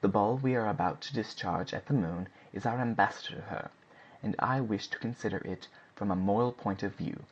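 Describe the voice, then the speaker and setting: A fervent, grandiloquent gun-club secretary, read by a man who makes lofty, impassioned speeches. His voice is husky and fairly low. The recording is dull and lo-fi. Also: fairly quick.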